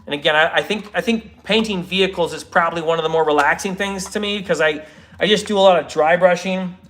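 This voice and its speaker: A man's voice: high voice, quick pace, a bit bright. A man chatting casually on a livestream while building models, rambling and interrupting himself as he reads comments.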